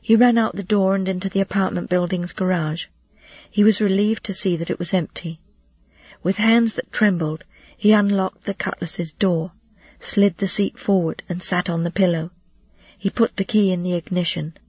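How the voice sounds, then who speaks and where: An audiobook narrator telling a children's novel in a steady storytelling voice, now and then lightly voicing the characters. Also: medium pitch, moderate pace, slightly rough, dry recording. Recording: dull, dry lo-fi recording.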